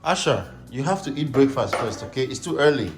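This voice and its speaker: A woman's voice: rumbling low, animated, a little fast. A woman vlogging at home, chatting to her kids in an apologetic, easygoing way while making breakfast. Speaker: vlogger mother. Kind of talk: casual home vlog. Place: home kitchen. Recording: echoey room with music behind.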